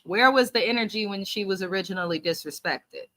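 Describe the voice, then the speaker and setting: A woman hosting a casual live-stream recap of a reality show, talking in an animated, sassy way and reading out viewer comments. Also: medium pitch, a little fast.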